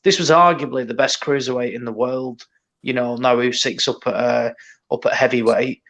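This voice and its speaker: A man's voice: medium pitch, fairly even intonation, moderate pace, a bit bright. Blunt sweary man on a podcast. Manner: blunt, sweary, hands out nominations. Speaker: podcast host. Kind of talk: casual boxing chat.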